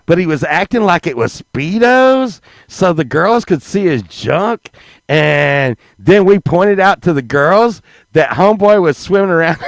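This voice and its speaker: Man, fifties, rambling storyteller, swears, a bit high-pitched, dry sound. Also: dry recording. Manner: rambling, repeats and restarts words, swears freely. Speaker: streamer telling stories. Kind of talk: casual storytelling to a live chat.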